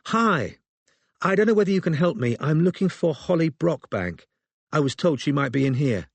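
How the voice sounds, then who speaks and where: A man's voice: a little high, big pitch swings, fairly quick, darkish tone, no echo, pitched above the performer's own voice. A male narrator voicing a young professional woman who speaks politely with forced confidence. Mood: forced bright.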